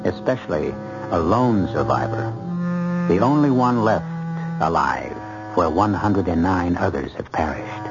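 Theatrical low-voiced male radio host. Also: lively intonation, unhurried. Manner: theatrical, confiding. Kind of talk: radio drama introduction. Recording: dull old radio recording with music.

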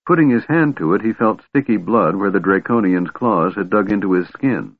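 Low, husky male audiobook narrator. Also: no echo. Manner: measured, steady reading. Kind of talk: scripted narration. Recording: tinny phone-like band, dry.

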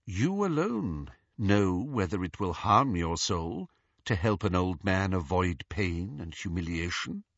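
A gentle, very old wizard headmaster, read by a man in an audiobook. He speaks calmly and wryly, his tone bright and lilting, rising and falling a lot. The dry studio sound is a little dull. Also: deep voice, no room sound, exaggerated voice. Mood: gently wry. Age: older. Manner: calm, lightly wry, measured. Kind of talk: audiobook character reading.

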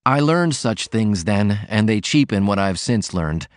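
A man's voice: fairly low pitch, animated, unhurried, clean tone, no echo, clean studio sound. A man voicing a proud, poor young man who talks earnestly and defensively.

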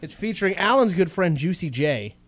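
Animated joking young man hosting. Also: high-pitched, fairly quick. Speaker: podcast host. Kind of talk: casual group chat.

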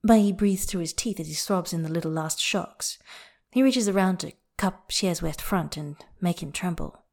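A woman narrating fiction aloud in a soft, unhurried, intimate way. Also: fairly low pitch, gravelly. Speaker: audiobook narrator.

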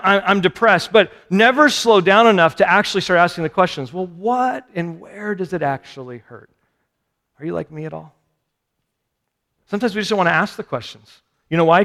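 His voice is high-pitched and fairly bright. The pastor makes fun of himself and puts rhetorical questions to the congregation in a relaxed, conversational sermon recorded with a large hall's long reverb.

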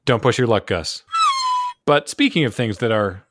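A man playing a deadpan radio host in a comedy radio show, with a dry delivery. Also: lowish voice, normal speed, dry recording.

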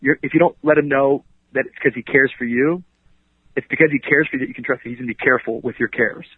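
A fast-talking man with a husky voice makes his points with a preacher's energy. He speaks like a pastor, dropping 'you know what I mean' into his sentences. He comes through a dry, tinny phone line. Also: medium pitch, fairly even intonation, dry recording. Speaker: pastor and author, interview guest. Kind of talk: conversational radio interview.

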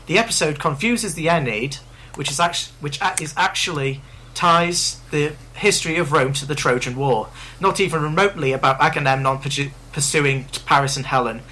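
A man co-hosting a podcast, reading listener feedback aloud in an even, careful way, with faint noise behind. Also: fairly high pitch, a little fast. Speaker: podcast co-host.

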